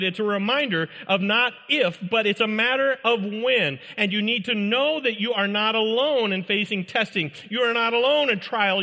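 Emphatic preacher in an echoey hall. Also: male voice, sits high, bright, forceful tone. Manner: emphatic, rhetorical questions to the congregation. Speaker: pastor. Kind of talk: sermon.

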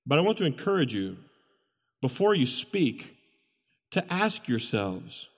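A man's voice: medium pitch, big pitch swings, measured pace. A pastor delivering an emphatic sermon, repeating his points and asking the congregation rhetorical questions. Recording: long reverb from a large room.

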